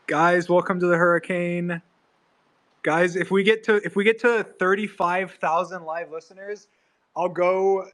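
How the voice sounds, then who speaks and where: A man's voice: high voice, a bit bright. A young man streaming, telling a rambling, profane story full of fillers and restarts. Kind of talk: casual livestream chat.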